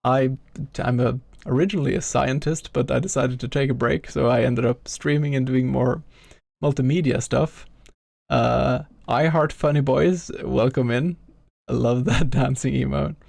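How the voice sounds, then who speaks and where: A man's voice: mid-range voice, steady tone, moderate pace, creaky, darkish tone, no echo, studio quality. A young man streaming live as a game developer, chatting with viewers, greeting them by name and muttering to himself while he works.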